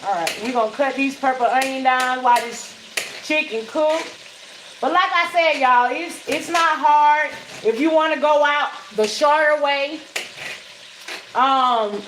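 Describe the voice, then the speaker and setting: High-voiced chatty woman cooking. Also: a little slow, noisy background. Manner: chatty, salty-tongued, talks straight to viewers. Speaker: home cook vlogger. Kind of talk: casual cooking vlog. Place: home kitchen. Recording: echoey kitchen with frying sizzle.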